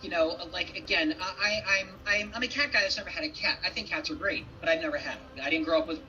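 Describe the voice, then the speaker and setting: A man as a podcast guest in casual chat, talking haltingly with many restarts. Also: high-pitched, pushed and bright, distant mic, muffled recording, faint music behind. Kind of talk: casual conversation.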